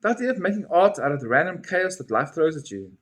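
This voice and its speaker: A man voicing an awkward, eager young American woman with a husky, hesitant way of talking. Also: fairly high pitch, very animated, fast, voice pushed up. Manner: hesitant, stammering.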